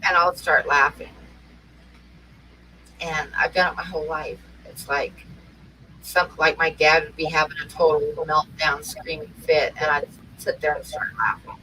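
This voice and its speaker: Bright-voiced middle-aged woman, laughing storyteller. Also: low voice, flat delivery, normal speed. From Oregon, USA. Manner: laughing, rambling anecdotes. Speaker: co-host. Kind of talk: casual storytelling chat. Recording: distant mic with faint noise.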